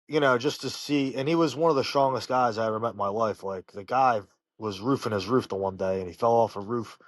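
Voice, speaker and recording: A man, a professional fighter, telling personal stories in an interview, halting and full of fillers and restarts. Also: mid-range voice, no echo. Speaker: professional fighter, podcast guest. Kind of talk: casual interview storytelling.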